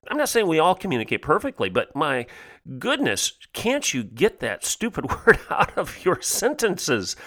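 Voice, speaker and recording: A man's voice: fairly low pitch, pushed and bright. A middle-aged man hosting an opinion podcast, reading from an article and commenting in an emphatic, scolding manner. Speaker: podcast host.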